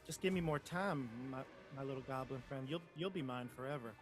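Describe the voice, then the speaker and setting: Man as a creepy vampire charmer, raised sing-song voice, coaxing, soft music behind. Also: medium pitch, fairly quick, lightly acted. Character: creepy soothing male vampire beguiler.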